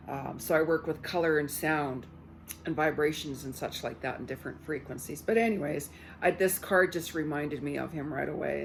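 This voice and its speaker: A woman's voice: low voice, gravelly, slight background noise. A woman psychic medium giving a casual card reading to her viewers, chatty and loose, full of "like" and "you know", often repeating her words.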